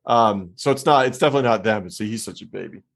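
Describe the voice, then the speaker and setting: A man co-hosting a local podcast, chatting casually and telling animated stories, voicing his dogs in high squeaky tones. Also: fast talker, vocal fry. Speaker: podcast co-host. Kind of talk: casual chat.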